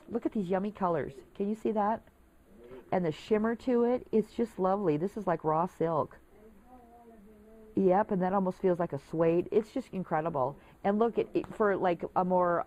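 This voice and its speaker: A woman's voice: on the low side, mellow. A woman vlogging casually, chatty and gushing as she shows off craft supplies to her viewers. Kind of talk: casual show-and-tell vlog.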